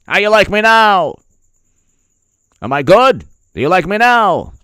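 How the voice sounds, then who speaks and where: A man's voice: high-pitched, big pitch swings, measured pace, sharp tone, clear, resonant tone, no echo, clean studio sound, voice pushed up, heavily acted. A man putting on a boastful male president who gloats and fishes for praise. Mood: gloating. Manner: showy, fishing for praise.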